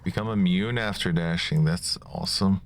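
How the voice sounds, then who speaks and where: A man's voice: sits low, normal speed, a little hiss or hum. A man streaming a video game, chatting casually and musing aloud as he reads the on-screen text. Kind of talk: casual gameplay commentary.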